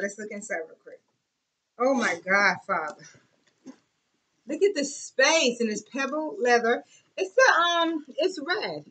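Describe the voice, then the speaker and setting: A woman in her forties chatting excitedly and emotionally through a casual unboxing vlog. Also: a little high, breathy edge, rough recording. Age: 40s. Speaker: YouTube vlogger.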